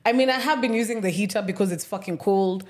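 A young woman with a Kenyan accent, a podcast co-host telling a story in casual chat, animated, swearing freely and slipping in Swahili. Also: mid-range voice, quick pace.

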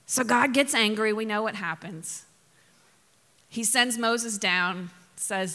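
A woman pastor giving a sermon, telling the story in a lively way with acted quotes and asides to the congregation. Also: medium pitch, slow, in a large hall.

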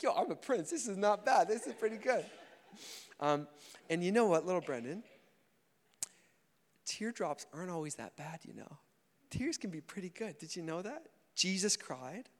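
A male pastor leading a baby dedication at church, speaking gently and cheerfully and cooing to the baby. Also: mid-range voice, long reverb tail. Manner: gentle, upbeat, coos to a baby. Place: church hall.

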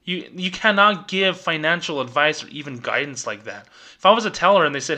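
A man's voice: a little high, lively intonation, a little fast, sharp tone. A middle-aged man ranting sarcastically on a podcast, mocking corporate phrasing with exasperation. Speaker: podcast host, former bank employee. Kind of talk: ranting commentary.

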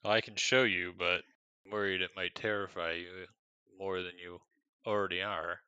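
A man's voice: low voice, level tone, a little slow, pushed and bright, clear, resonant tone, dry recording, dull audio. A man playing a tabletop game, talking casually and a bit hesitantly, partly in character. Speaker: player.

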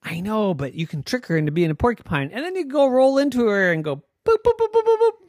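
A storyteller voicing a brave girl knight turned porcupine, in a squeaky voice. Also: quick pace, a little mellow, dry recording, clean studio sound, natural voice. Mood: eager.

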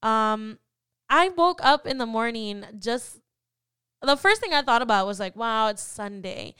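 A woman's voice: a little high, lively intonation, a little slow, pushed and bright, smooth, no room sound, studio quality. A young woman hosting a podcast, telling a personal story in a heartfelt way that turns emotional at times. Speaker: podcast host.

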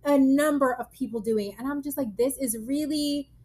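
Woman guest, casual chat, a little high-pitched, storyteller who voices what others say. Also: moderate pace, a little mellow. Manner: chatty, storytelling with quoted asides.

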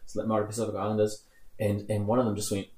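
There's an echoey, roomy quality to this clip of a guest speaking very fast in a lowish voice. He's a man in his thirties with a New Zealand accent, rambling animatedly through stories in casual talk and laughing as he goes.

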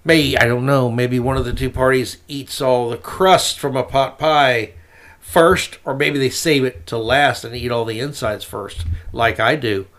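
Male host, sarcastic opinion podcaster, mid-pitched voice. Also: fairly even intonation, unhurried, fairly bright tone. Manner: sarcastic, mocking.

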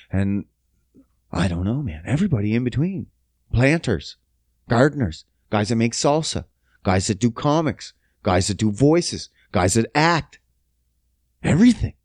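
A man's voice: mid-range voice, dry recording, studio quality. A man rambling through a casual comedic monologue, swearing freely and joking at his own expense. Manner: rambling, profane, self-mocking.

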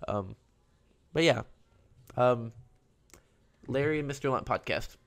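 A man's voice: medium pitch, slow, vocal fry. A man hosting his own podcast, talking alone in a rambling, conversational way. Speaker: podcast host. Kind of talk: casual solo podcast monologue.

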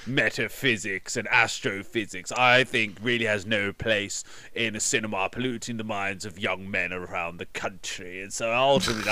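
A man putting on a halting, pompous voice with a slight Welsh tinge, playing a grumpy male friend who scorns anything magical. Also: on the low side, pushed and bright, a little hiss or hum. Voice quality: halting, pompous, full of hesitations.

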